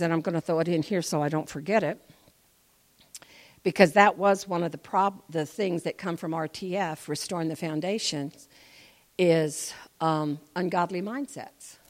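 A woman giving an informal church testimony, chatty and animated, moving between quiet asides and loud emphatic preaching. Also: fairly low pitch. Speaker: speaker sharing a testimony.

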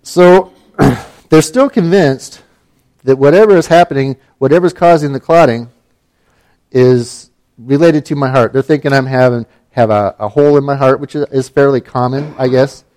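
A man's voice: mid-range voice, moderate pace, a little mellow. Wry middle-aged man telling a story. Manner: wry, self-mocking, with frequent fillers and restarts. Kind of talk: personal story told casually.

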